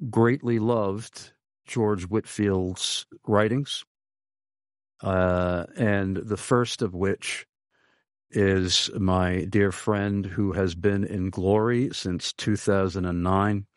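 A man hosting a radio interview show, speaking in an earnest, halting way with frequent pauses. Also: fairly low pitch, a little mellow, no room sound, clean studio sound. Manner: slow, earnest, halting with many uhs.

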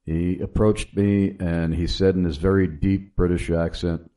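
A man giving an earnest, casual spoken testimony as a guest, halting often with fillers and restarts. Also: deep voice, little pitch movement, mellow. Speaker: guest telling his testimony.

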